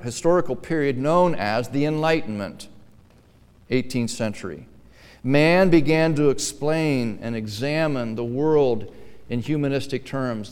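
A pastor delivers his sermon in a smooth, resonant man's voice, with a long reverb trailing each phrase through the hall. He moves from soft, low asides to loud, pressing lines that drive each point home. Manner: emphatic preaching, swinging between quiet asides and forceful stressed lines.

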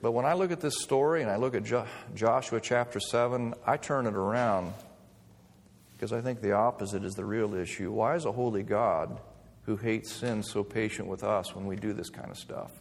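A man's voice: on the low side, moderate pace. A man preaching a sermon in a conversational way, mixing humor with scripture. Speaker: pastor. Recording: long reverb of a hall.

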